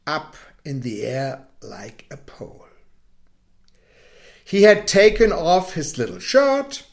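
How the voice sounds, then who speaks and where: Very slow, dramatic man with hushed drops. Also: fairly high pitch. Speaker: storyteller and commentator. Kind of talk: dramatic story reading.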